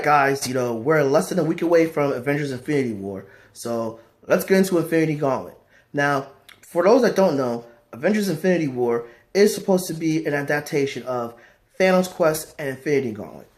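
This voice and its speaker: A man's voice: on the high side, expressive, fairly quick. A man vlogging a casual comic book story recap, rambling with lots of fillers. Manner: rambling, many fillers like "you know" and "basically".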